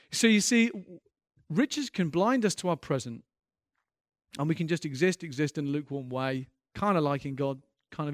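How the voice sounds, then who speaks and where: Here a pastor delivers a sermon in a slightly high voice with lively intonation at normal speed. He is earnest and impassioned, frequently starting his sentences over and building in intensity, captured dry with clean studio sound.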